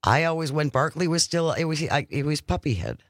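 A man's voice: a little high, expressive, a little fast, fairly bright tone, no echo, clean studio sound. A man hosting a radio talk show, upbeat and coaxing listeners to call in. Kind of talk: casual radio chat. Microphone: studio microphone.

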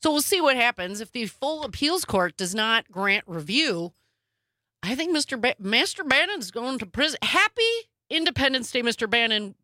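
A woman co-hosting a talk show, running through news in a quick, sarcastic way. Her voice is bright and forceful, and it sits close and dry on the mic with no room echo. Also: a little high, animated. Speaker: podcast co-host. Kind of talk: casual political commentary.

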